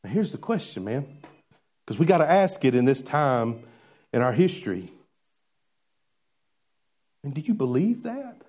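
Animated preaching man. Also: medium pitch, unhurried, long pauses, husky. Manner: animated preaching with call-and-response questions to the congregation. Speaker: pastor. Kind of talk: sermon. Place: church before a live congregation.

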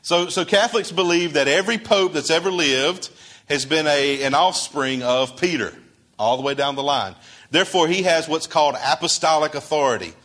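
A man's voice: fairly high pitch, normal speed, a bit bright. A male pastor preaching a sermon in a conversational way, asking his congregation questions and acting out quoted dialogue.

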